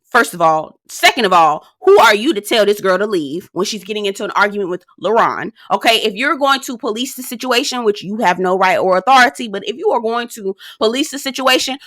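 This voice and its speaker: A woman in her thirties giving a sassy, animated recap of a reality show, with laughing asides and quoted lines. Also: medium pitch, dry recording, clean studio sound. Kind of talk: casual recap commentary.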